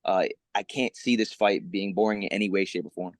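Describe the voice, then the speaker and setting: A man, a fighter, talking excitedly on a press call, swearing and stumbling over repeated words. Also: low voice, brisk, no echo. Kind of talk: casual press call talk.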